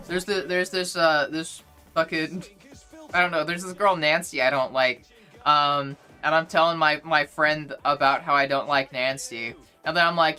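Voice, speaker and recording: A woman's voice: low voice, normal speed, bright, forceful tone, faint music behind. A young woman streamer ranting in a rambling, profane, exasperated way as she chats and reads her chat. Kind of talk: casual livestream rant, reading chat.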